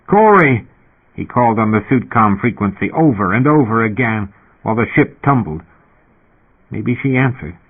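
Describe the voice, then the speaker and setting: A man narrating an audiobook in a steady storytelling manner. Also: lowish voice, normal speed. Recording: tinny phone-like audio.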